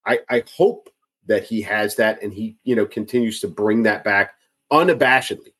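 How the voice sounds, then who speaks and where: A man's voice: lowish voice, moderate pace, a bit bright, breathy edge. Chicago guy venting about politics, emphatic, trips over his words a lot. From outside Chicago, USA. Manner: emphatic, frustrated, repeats words. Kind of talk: casual political chat.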